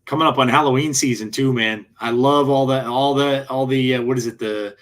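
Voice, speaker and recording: Podcast co-host, man, mid-pitch, chatty storyteller who restarts sentences a lot. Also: steady tone, a little fast. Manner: rambling storyteller, frequent restarts and laughs. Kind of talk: casual chat.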